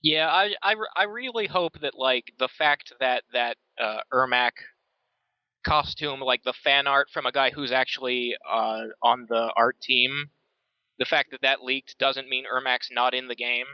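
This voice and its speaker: An American man co-hosts a fan podcast in relaxed conversation, thinking aloud and circling back on his own sentences. His voice comes through a dry, slightly dull microphone with no room sound. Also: medium pitch, unhurried, no echo. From United States. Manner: thoughtful, restarts sentences, many "like"s. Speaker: podcast co-host. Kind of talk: casual chat.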